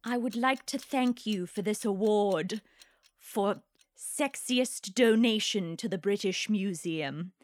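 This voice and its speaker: A woman's voice: medium pitch, slow pace, no echo, close to an everyday voice. A woman voicing a haughty, grandiose wealthy female treasure hunter in a theatrical comic improvised monologue.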